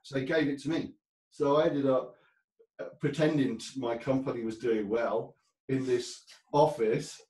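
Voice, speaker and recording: A man's voice: mid-range voice, steady tone, normal speed, warm tone, roomy sound, far from the mic, low-quality recording. A man telling stories from his career in a casual interview, rambling, laughing often and restarting his sentences. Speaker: interview guest. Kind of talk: casual storytelling.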